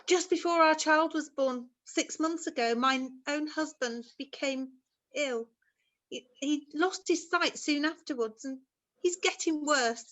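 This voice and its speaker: A woman plays a ghostly young mother from long ago, begging in old-fashioned thee-and-thou speech. Her voice sits high and sounds bright and ringing. The delivery is earnest, like an amateur stage drama. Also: measured pace. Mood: troubled.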